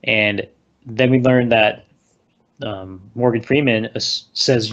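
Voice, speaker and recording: A man co-hosting a movie podcast, casually retelling the plot in a rambling way and acting out lines with quick laughs. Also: lowish voice, steady tone. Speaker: podcast co-host recapping a movie. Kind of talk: casual chat. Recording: slightly dull lo-fi recording.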